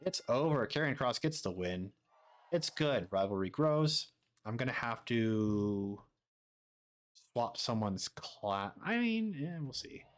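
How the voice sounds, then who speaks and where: Man, gaming streamer, quick offhand recap, casual commentary. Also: medium pitch, sing-song. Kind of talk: game commentary.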